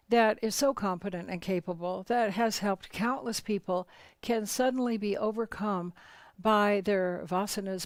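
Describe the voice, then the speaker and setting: A woman's voice: medium pitch, dry recording. Woman teaching through a story. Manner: earnest, animated retelling. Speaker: workshop teacher.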